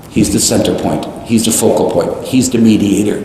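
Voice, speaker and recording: A male priest preaching a homily, animated and repeating phrases for emphasis, with jokes and tangents. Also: on the low side, normal speed, a little hiss or hum. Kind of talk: sermon. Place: large church. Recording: echoey church, long reverb.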